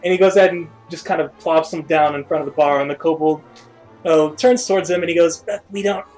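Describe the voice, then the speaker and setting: A man's voice: on the high side, fairly even intonation, brisk, a little mellow, soft background music, poor audio. A man narrating a tabletop game as game master, rambling with lots of hesitations. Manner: rambling, full of uhs and restarts.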